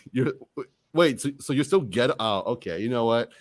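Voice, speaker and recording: A man's voice: mid-range voice, animated, moderate pace. A man hosting a casual online interview, chatty and giggling often. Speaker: host.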